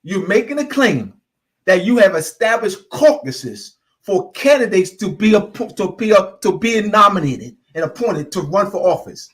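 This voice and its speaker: A man's voice: sits high, animated, normal speed, a bit bright. A man giving an impassioned, repetitive lecture as a host, talking informally and slipping into dialect. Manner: preachy and repetitive, building in fervor.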